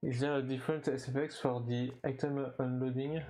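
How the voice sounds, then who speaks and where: A man's voice: mid-range voice, little pitch movement, dark tone, soft background music. A young man from France with a French accent, chatting casually with his viewers while he plays a game, often restarting his sentences and stumbling over fillers. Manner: halting, with frequent restarts and fillers, chuckling now and then. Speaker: streamer. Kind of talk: casual live-stream chat while gaming.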